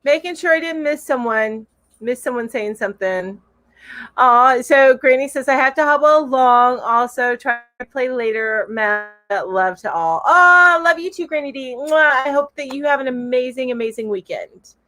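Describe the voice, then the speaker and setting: There's no echo on this clip of a middle-aged woman hosting a casual live stream. At normal speed and with a fairly high, fairly bright voice, she reads viewer comments aloud, giggling, bubbly, and cooing at her cat.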